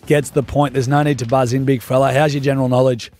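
A man's voice: mid-range voice, flat delivery, fast talker, a little mellow, faint music behind. An Australian man hosting a radio show, reading quiz questions in a playful, teasing way. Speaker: radio host and quiz master.

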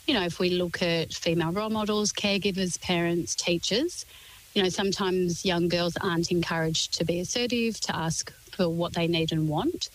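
A woman's voice: fairly low pitch, steady tone, normal speed, low-quality recording. A woman, a guest expert on a radio interview, explaining points in a composed, articulate way, often in lists.

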